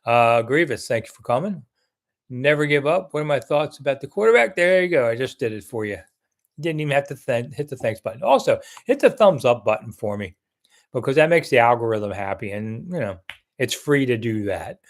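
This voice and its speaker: A man's voice: mid-range voice, animated, fairly quick. An older man hosting a casual live sports chat, blunt and chatty as he reads viewer comments and answers them.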